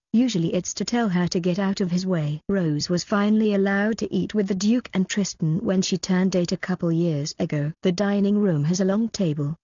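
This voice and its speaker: A woman narrating an audiobook in a quick, even storytelling manner. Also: mid-range voice, slightly rough, dry recording, highs cut off. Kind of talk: scripted narration.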